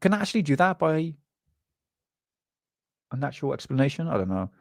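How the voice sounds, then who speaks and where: A man's voice: fairly high pitch, sing-song, fairly quick, vocal fry, a little mellow, no echo, clean studio sound. A man from England hosting a live show, chatting loosely with viewers and reacting to clips. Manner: rambling, laughing, talking to chat. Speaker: host of a live UFO show. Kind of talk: casual live-stream chat.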